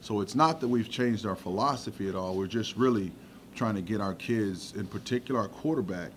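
A middle-aged man with a low voice answers press questions as a football coach. He talks plainly and relaxed, filling pauses with "um" and "you know." A faint hum of the room sits behind him. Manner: relaxed, plainspoken, with frequent fillers. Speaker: football offensive coordinator.

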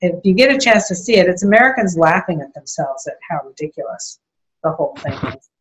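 A woman's voice: fairly low pitch, lively intonation, fairly quick, poor audio. An older woman chatting casually as an interview guest, rambling through a story with small laughs. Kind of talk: casual conversation.

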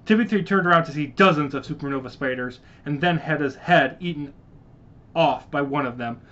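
A man reading his own science-fiction story aloud in a halting way, stopping to apologize and correct his slips. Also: a little high, a bit bright. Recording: muffled lo-fi recording.

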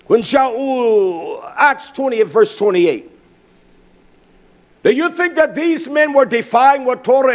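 Preaching with emphasis, this man repeats key words, fills pauses with frequent "uh"s, and surges in volume at times. His pitch is extremely high.

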